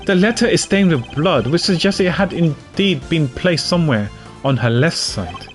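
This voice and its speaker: A man's voice: a little high, animated, soft background music, voice pushed up, natural voice. A man doing a cool, formal prosecutor. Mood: composed. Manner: measured, formal. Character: cool, composed male prosecutor.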